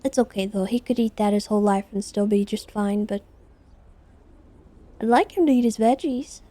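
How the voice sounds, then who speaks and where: Brief: twenties woman, mellow tone, easygoing rambling talk during a roleplay patrol. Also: medium pitch, normal speed. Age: 20s. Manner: relaxed, rambling explanations with fillers. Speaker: streamer playing a police officer. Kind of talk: casual chat during roleplay.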